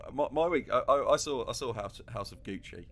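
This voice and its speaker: A man's voice: medium pitch, fairly quick, fairly bright tone. A man co-hosting a comedy podcast, ranting in casual banter and laughing often between his points. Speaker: podcast co-host.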